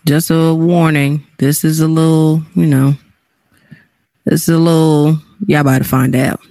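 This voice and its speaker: A man hosting a casual chat, laid-back and quick to laugh. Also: a little high, little pitch movement, dark tone, no echo. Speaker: host.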